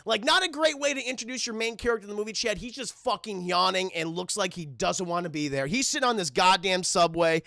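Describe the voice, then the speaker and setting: Casual: guy ranting a movie recap at his chat, gravelly voice, bright tone, dry close mic. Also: sits high, quick pace, hardly any pauses, no echo. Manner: animated, profane, addresses chat constantly. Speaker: film reviewer streaming to chat. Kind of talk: casual spoiler review talk.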